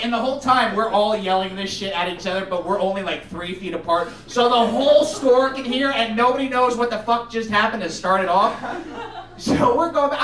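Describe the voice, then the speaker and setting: A man's voice: high-pitched, a little fast, fairly bright tone. A man from the United States doing a stand-up comedy set, swearing freely and rambling, laughing at his own lines as he goes. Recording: roomy sound picked up from a distance.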